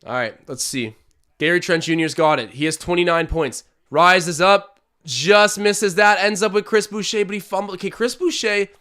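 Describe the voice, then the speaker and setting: A young man from Canada hosting a live basketball watch-along, calling plays and chatting with his viewers, animated and swinging from hype to groans. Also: sits high, moderate pace, smooth. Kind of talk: excited live game commentary with chat.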